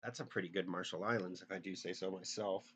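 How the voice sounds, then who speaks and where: A man's voice: low voice, steady tone, fast, slight background noise. A man casually chatting with viewers while drawing on a live stream, joking and thinking aloud in a self-deprecating way.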